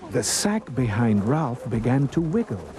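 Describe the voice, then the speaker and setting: Slow expressive man reading a storybook. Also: medium pitch, noisy background. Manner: slow and expressive, dramatic pauses. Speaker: narrator. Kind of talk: storybook read-aloud.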